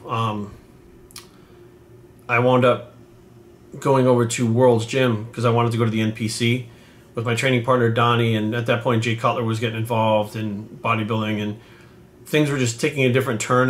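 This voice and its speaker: A man's voice: mid-range voice, a bit bright. A man in his forties, a bodybuilding coach, telling a story to camera in a casual, rambling and swear-filled way that turns heartfelt.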